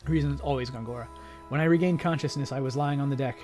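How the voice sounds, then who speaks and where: A man hosting a gaming channel, reading story text from the game aloud in a dramatic, expressive way. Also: mid-range voice, very fast, soft background music.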